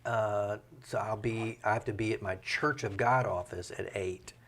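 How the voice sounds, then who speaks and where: A man's voice: on the low side, steady tone, normal speed, fairly bright tone. A man with a Southern US accent, a mayor speaking as an interview guest in casual, rambling talk with many fillers. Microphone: studio microphone.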